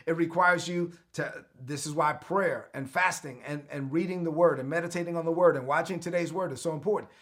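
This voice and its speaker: A man's voice: a little high, fairly even intonation, a little fast, few pauses, fairly bright tone. A man preaching an online devotional sermon, exhorting his listeners and calling on them to answer back. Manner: exhorting, calls for responses. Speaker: pastor.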